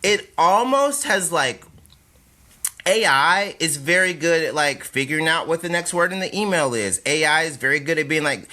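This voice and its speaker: Male comic guest, casual chat, animated and playful delivery, lively pitch. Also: moderate pace. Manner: animated, playful, slips into mock voices. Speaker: comedian guest.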